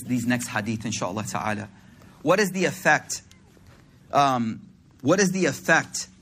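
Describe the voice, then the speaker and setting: A man's voice: sits high, sharp tone, breathy edge. A man giving a religious talk to a congregation in a conversational, slangy storytelling way. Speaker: religious speaker.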